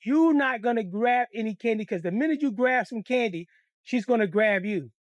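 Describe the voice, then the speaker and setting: A man's voice: very high voice, animated, normal speed, no room sound, highs cut off. A man voicing his nine-year-old sister, who firmly and insistently refuses the stranger. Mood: stern. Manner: stern, insistent.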